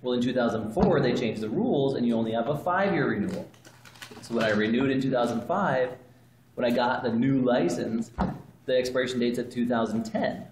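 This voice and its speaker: A man's voice: medium pitch, a little fast, a little mellow. Rambling man telling a story. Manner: rambling, often laughing while telling. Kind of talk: casual anecdote told to family. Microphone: phone camera. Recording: echoey room with background noise, phone video.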